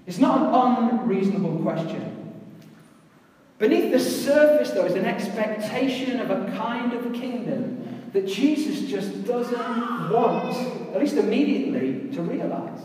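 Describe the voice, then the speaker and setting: A woman's voice: fairly high pitch, expressive, unhurried, mellow. A woman preaching a sermon in a conversational way, putting questions to her listeners. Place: large church hall. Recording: very echoey hall, voice from far off.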